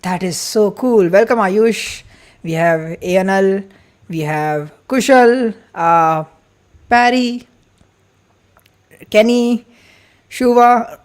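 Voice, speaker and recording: A man hosting a live-streamed event welcome. He talks quickly and excitedly, greets viewers from the chat, and chats freely. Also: high voice, clean tone. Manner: excited, fast-talking, chatty. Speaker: livestream host.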